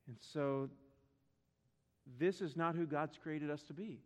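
A high-pitched male pastor preaches a sermon, hammering words through repetition and calling out questions to the congregation. His voice rings with the long reverb of a large church sanctuary. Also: fairly even intonation, slow pace. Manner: emphatic, repeats words for stress, asks the congregation questions.

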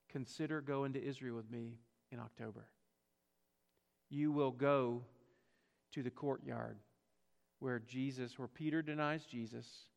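A man with a Southern US accent from South Carolina preaching a sermon, swinging from hushed, low passages to loud, emphatic rhetorical questions. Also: vocal fry, big-room sound. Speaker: pastor.

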